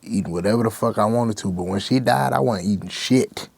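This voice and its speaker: A man's voice: fairly low pitch, brisk, creaky, slightly rough, no room sound. A young man, a rapper guest, talking candidly and emotionally in slang-heavy speech. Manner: raw, emotional, slangy with constant "bro". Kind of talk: candid interview talk.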